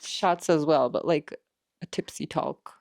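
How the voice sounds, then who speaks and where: A woman's voice: low-pitched, unhurried, a little mellow, slight background noise. A young woman co-hosting a podcast in casual chat, playful and giggly, a little tipsy. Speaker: podcast co-host.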